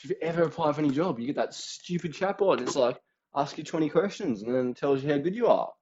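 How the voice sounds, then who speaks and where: A man's voice: on the high side, animated, fast, darkish tone, highs cut off, a little hiss or hum. A young Australian man in his late teens giving a casual, slangy exam revision rundown, acting out little quoted voices as he goes.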